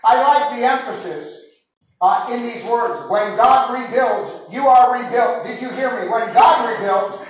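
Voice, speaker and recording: A man preaching a fervent sermon in a very high voice, rising into shouted proclamations. He is recorded from a distance, and the sound rings around a big, reverberant church hall. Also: a little slow. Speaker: pastor. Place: large church sanctuary. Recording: very echoey hall, mic far off.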